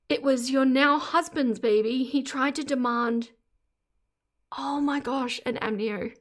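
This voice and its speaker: A woman's voice: sits high, a little slow. Earnest woman live streamer. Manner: earnest, exclaims in sympathy while reading chat. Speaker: live streamer reading chat. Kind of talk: casual live-stream commentary. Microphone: phone camera.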